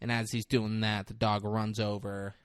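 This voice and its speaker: Speaking at a moderate pace in a lowish voice with a clean tone, a male podcast co-host casually recaps a film. The recording is dry and studio quality. His retelling is animated, with acted-out, profane quotes from the characters.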